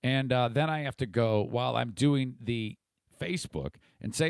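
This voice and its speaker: Gravelly podcast guy rambling and cussing on a livestream, dry close sound. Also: medium pitch, lively intonation, moderate pace, no echo. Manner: profane, irritable rambling with restarts. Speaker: podcast host. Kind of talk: casual livestream monologue.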